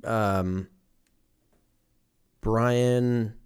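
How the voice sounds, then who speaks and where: A young man, riffing in a casual comedic monologue, rambling and swearing, with quick silly voices for imagined people. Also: fairly low pitch, steady tone, darkish tone, clean tone. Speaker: podcast host.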